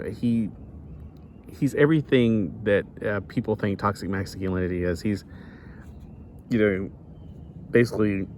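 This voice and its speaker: Low-voiced man rambling through a comic review. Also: darkish tone. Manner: meandering, loses his place and corrects himself. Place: outdoors near the beach. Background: faint wind.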